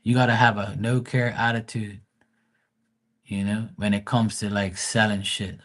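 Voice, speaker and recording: A man's voice: fairly low pitch, level tone, measured pace, a bit bright. A man, giving blunt, profane advice on a casual livestream. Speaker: live tarot reader.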